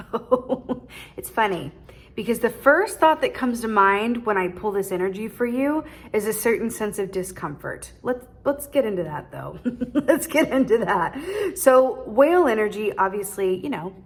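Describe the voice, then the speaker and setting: A woman's voice: medium pitch, very animated, normal speed. A woman giving a casual tarot reading straight to her viewers, chatty, laughing often and ending many points with "right?". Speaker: tarot reader.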